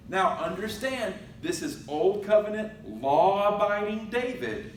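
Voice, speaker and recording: A man with a fairly high voice preaches a conversational sermon. He reads scripture aloud and puts questions to the congregation. He is recorded from a distance in an echoey church, with a faint hiss underneath. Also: normal speed. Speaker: pastor. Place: church sanctuary.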